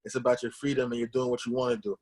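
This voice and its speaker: A man's voice: medium pitch, little pitch movement, very fast, darkish tone. A man hosting a podcast, chatting casually and swearing with his guest. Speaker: podcast host.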